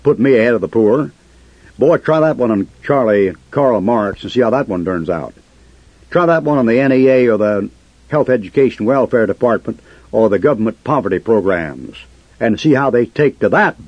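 A man's voice: lowish voice, lively intonation, moderate pace, breathy edge, no echo. A man preaching a fiery sermon in a combative way, firing rhetorical questions at his listeners. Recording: muffled lo-fi recording.

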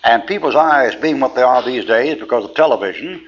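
A man's voice: mid-range voice, animated, a little fast. A man giving a classroom Bible lecture in a folksy, blunt and plainspoken way. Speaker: Bible teacher. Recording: dull lo-fi tape with faint hiss.

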